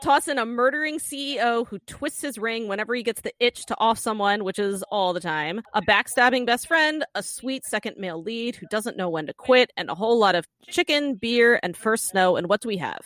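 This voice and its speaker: A woman's voice: fairly high pitch, expressive, a little fast, few pauses, a bit bright, no room sound. A woman co-hosting a podcast, playfully reading a prepared show intro with jokes. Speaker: podcast co-host. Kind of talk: casual chat and read review intro.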